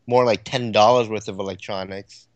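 Man, podcast co-host, casual chat, excitable, laughing a lot, dry close sound. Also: fairly low pitch, normal speed, no room sound, lo-fi sound. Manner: excitable, laughs often, animated storytelling.

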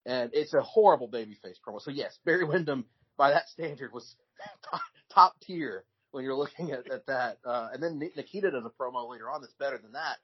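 Husky-voiced man chatting casually. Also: mid-range voice, brisk. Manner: relaxed storytelling with frequent restarts. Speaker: podcast co-host. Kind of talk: casual chat. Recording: dull lo-fi recording.

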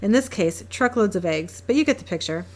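A woman's voice: medium pitch, animated, fairly quick, natural voice. A woman reading the lines of a smug, scheming male angel, in a glib and mocking way, without doing much of a voice.

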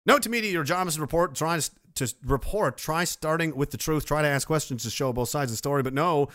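A man from Nova Scotia hosts a casual livestream and talks loosely in a rambling, profane, joking way. His voice sits a bit high and sounds bright and forward. The recording is dry and close, with no room sound. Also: dry recording. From Nova Scotia, Canada. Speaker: livestream host. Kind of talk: casual livestream chat reading viewer messages.

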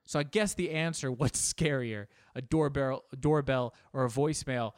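A man's voice: medium pitch, normal speed, hardly any pauses, smooth, dry recording, clean studio sound. A man delivering a rambling, profane comedic monologue as a podcast host.

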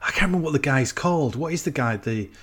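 A man's voice: fairly high pitch, animated, quick pace, fairly bright tone, husky. Amused, incredulous man chatting. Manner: incredulous, amused, mocks the film. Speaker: podcast co-host. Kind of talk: casual chat about a film.

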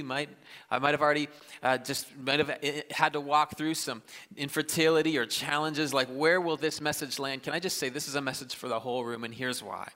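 A man in his thirties preaching a sermon in a large church, conversational and self-deprecating, with quick asides and restarts. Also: a little high, fairly even intonation, bright, forceful tone. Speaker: pastor. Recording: live church hall with long reverb.

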